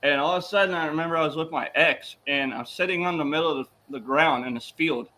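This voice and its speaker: Bright, animated podcast host man. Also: a little high, fast talker, slight background noise, rough recording. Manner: animated storyteller, loud swings, laughs through stories. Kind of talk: casual interview chat.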